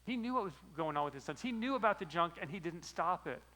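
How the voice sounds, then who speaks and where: A man as pastor preaching a sermon, retelling a story in a lively, storytelling way. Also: high voice, fast, poor audio.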